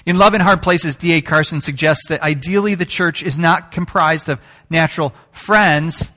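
A man's voice: on the high side, moderate pace, sharp tone. A man preaching a conversational sermon to his congregation as pastor. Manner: conversational, with playful put-on greetings.

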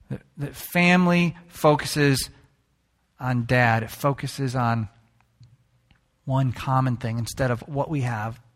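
A pastor delivers a conversational sermon to his congregation, throwing in playful put-on greetings. His voice is medium in pitch and a bit bright.

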